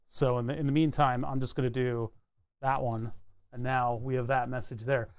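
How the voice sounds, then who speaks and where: A man streaming live, thinking aloud in a halting, self-interrupting way as he works through a technical problem. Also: mid-range voice, little pitch movement. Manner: muttering, halting, self-interrupting while debugging.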